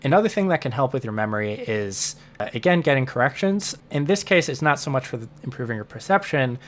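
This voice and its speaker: A man's voice: mid-range voice, expressive, quick pace. A man teaching in a casual, explanatory way, thinking aloud and repeating words as he restarts his sentences. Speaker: language learning teacher.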